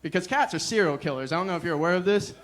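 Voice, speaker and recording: Deadpan young man doing stand-up. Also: high voice, very fast. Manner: deadpan, self-deprecating, sighs "ugh" between jokes. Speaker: stand-up comedian. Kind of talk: stand-up comedy set.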